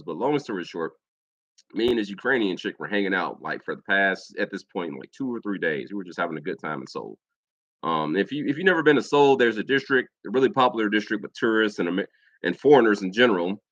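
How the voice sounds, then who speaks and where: An American man tells a crude, animated story straight to camera in a casual vlog. His voice is bright and swings widely in pitch. The recording is dry and close, with a slightly dull, muffled top end. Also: brisk, no room sound. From United States. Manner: profane, animated storytelling with mimicked quotes. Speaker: vlogger, Air Force veteran.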